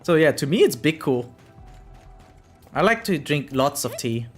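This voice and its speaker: A man's voice: on the high side, very animated, unhurried, soft background music. A German man speaking English with a German accent, chatting casually with viewers while playing a game on stream. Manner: rambling, chatty, frequent "right?" tags. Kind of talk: casual live-stream chat while gaming.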